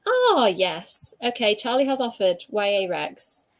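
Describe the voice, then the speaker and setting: A woman's voice: mid-range voice, big pitch swings, unhurried. Chatty woman hosting a livestream. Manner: chatty, reads out viewer comments, trails off with fillers. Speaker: livestream host. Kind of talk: casual livestream chat.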